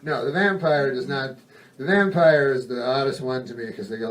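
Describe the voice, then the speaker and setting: A man's voice: medium pitch, normal speed, fairly bright tone. A male stand-up comedian doing a rambling, profane routine that keeps interrupting itself. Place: comedy stage before a live audience. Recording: distant mic with audience laughter.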